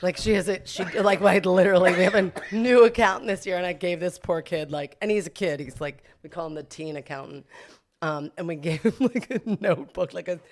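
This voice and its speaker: A middle-aged woman with a low voice tells stories in a casual interview. She is a boutique owner and podcast guest. She talks in a chatty, self-mocking way, with frequent laughter. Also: a little fast, slight background noise.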